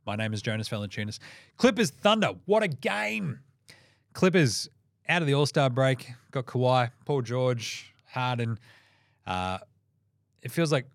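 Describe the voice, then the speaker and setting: A brash Australian man hosting a sports podcast, rattling off picks with plenty of swearing and bursts of energy. His voice sits at a middle pitch, and the recording is close and dry with no room sound. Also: dry recording. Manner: brash, swearing, quick, animated. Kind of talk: casual sports betting picks chat.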